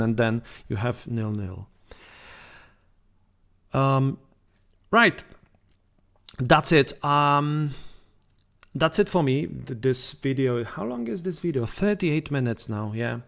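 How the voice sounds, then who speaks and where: Slow-talking man giving trading advice. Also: medium pitch, very animated, vocal fry. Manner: conversational, frequent fillers and restarts, repeats points. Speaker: football trading channel host. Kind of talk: casual talk to camera.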